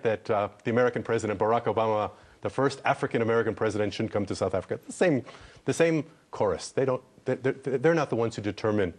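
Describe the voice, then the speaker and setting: A man from Israel speaks as an ambassador in a television interview, with a voice of middling pitch. He answers earnestly and repeats words as he presses his case. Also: darkish tone. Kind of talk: TV news interview.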